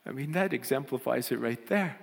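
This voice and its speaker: A man's voice: mid-range voice, expressive, brisk, creaky, breathy edge. A man preaching a sermon as pastor, often repeating words and building to fervent appeals. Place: church. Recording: church hall reverb.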